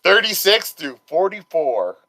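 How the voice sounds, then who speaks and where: A man's voice: high voice, sing-song, unhurried, pushed and bright, dry recording, rough recording. A man co-hosting a podcast in casual chat, explaining things in a rambling way with restarts. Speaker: podcast co-host.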